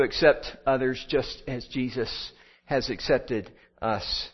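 A man preaching to his congregation in a steady mid-range voice. He builds his points through repeated phrases that rise and fall. The recording sounds muffled and lo-fi. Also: mid-range voice, slow, husky. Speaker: pastor. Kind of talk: sermon.

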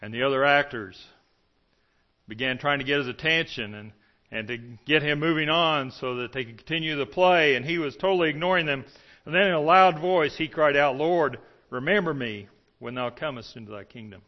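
A pastor preaching a sermon to his congregation, swinging between loud calls and hushed lines. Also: fairly high pitch, brisk, dull audio.

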